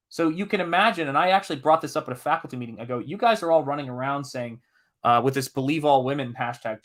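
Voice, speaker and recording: A man from Tennessee hosting a live stream, chatting casually and telling an animated, emphatic story with occasional swearing. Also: mid-range voice. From Southern United States, Tennessee. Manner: animated, emphatic storyteller who reads out chat comments and swears when worked up. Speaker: live-stream host and comic artist.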